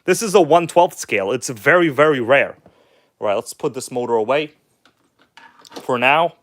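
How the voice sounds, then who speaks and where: A man's voice: medium pitch, animated, moderate pace, fairly bright tone, no echo. A man hosting a casual live stream, rambling and chatty, talking bluntly and enthusiastically to his viewers.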